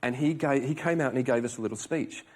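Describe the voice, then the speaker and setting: Chatty comedian telling stories as a guest. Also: male voice, mid-range voice, quick pace, a little mellow. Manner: chatty, self-deprecating, acts out voices in stories. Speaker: comedian and talk show guest. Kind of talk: animated chat show storytelling.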